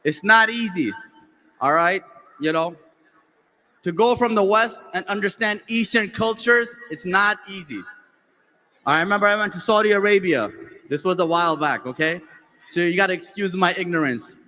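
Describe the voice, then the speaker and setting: A man's voice: normal speed, pauses often, in a large hall, low-quality recording. A man from the United States hosting on stage, telling a stand-up anecdote and acting out the dialogue. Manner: animated storyteller, acting out dialogue with lowered voices. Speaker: emcee host. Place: large convention hall stage.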